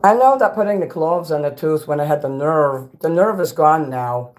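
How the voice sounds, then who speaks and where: A man's voice: on the high side, moderate pace. A man from Chicago chatting on a livestream, reading out chat messages and eating snacks between rambling, blunt remarks that carry the odd curse. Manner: rambling, blunt, swears freely; talks while eating snacks.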